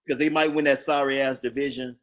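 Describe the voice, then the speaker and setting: A man's voice: medium pitch, steady tone, fairly quick, fairly bright tone, a little hiss or hum. A man co-hosting a podcast, recapping football games and reading out an article in casual chat. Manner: talks through sports recaps, reads out articles. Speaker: podcast co-host.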